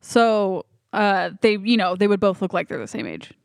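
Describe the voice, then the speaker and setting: A woman's voice: medium pitch, sing-song, moderate pace, no room sound, clean studio sound. A woman co-hosting a podcast, recapping scenes in a casual, exasperated chat. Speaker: podcast co-host. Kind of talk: casual movie review chat.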